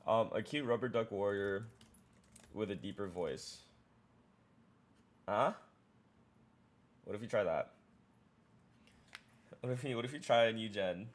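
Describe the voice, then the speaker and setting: A man streaming live, chatting casually and excitedly, often repeating and restarting his words. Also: fairly low pitch, measured pace, long pauses.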